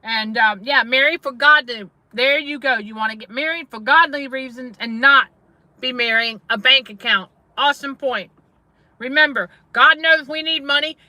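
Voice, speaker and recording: A middle-aged woman talks to her viewers in a casual testifying style, repeating key phrases for emphasis. Her voice is high and very bright. The sound is dry and close. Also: dry recording. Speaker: faith-based trauma coach and channel host. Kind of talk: casual livestream preaching.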